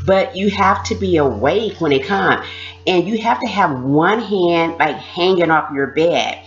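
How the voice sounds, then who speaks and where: A woman recalling her time in prison in casual storytelling, animated, often laughing and imitating other people. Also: fairly low pitch, unhurried, lo-fi sound, soft background music. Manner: animated, mimics voices, laughs while telling. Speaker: former prisoner sharing experiences.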